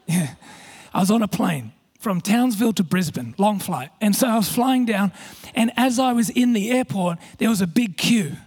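A man preaching, his voice sitting very high and sounding husky. He tells a story with self-mocking humour, stumbles over his words and restarts often, and the congregation laughs along. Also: animated, moderate pace, a little mellow. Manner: storytelling with self-deprecating humor, frequent restarts. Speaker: pastor. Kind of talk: sermon.

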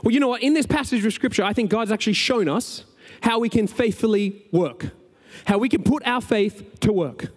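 A man preaching a conversational, energetic sermon as pastor. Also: high-pitched, normal speed, hardly any pauses, husky. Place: church sanctuary. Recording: large hall with long reverb, faint music.

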